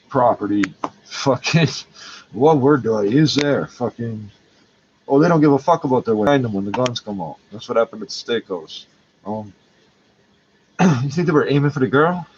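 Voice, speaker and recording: A man's voice: medium pitch, dull audio, a little hiss or hum. A man in pain, ranting in a rambling, heated and profane way. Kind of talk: angry rambling rant.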